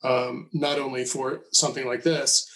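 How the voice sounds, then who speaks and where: Measured man in a reflective podcast chat. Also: medium pitch, little pitch movement, a bit bright, rough recording. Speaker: podcast co-host. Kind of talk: conversational discussion.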